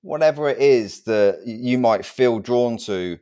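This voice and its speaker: A man's voice: medium pitch, animated, measured pace, mellow. A man co-hosting a podcast, speaking in an earnest, emphatic way and swearing casually. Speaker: podcast co-host. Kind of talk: casual chat.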